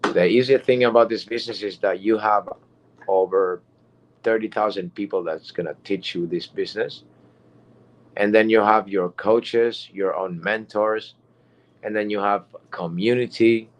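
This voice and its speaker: A man's voice: lowish voice, fairly even intonation, measured pace, lo-fi sound, slight background noise. Rambling motivational man, lots of fillers. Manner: rambling, repetitive, with many fillers. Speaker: guest speaker. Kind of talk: motivational talk.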